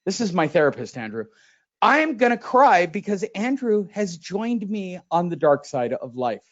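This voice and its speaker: An excitable male podcast host in his thirties, theatrical and full of swearing. His voice sits a little high. The recording sounds muffled and lo-fi. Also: moderate pace. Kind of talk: casual podcast chat. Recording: dull, lo-fi sound.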